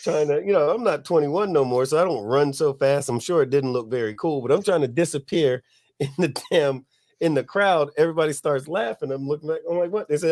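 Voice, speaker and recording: A middle-aged man, hosting a podcast and telling a long, profane story in a relaxed way, laughing as he goes. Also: fairly high pitch. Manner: laid-back, profane, laughs at his own story. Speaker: podcast host. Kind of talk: casual storytelling.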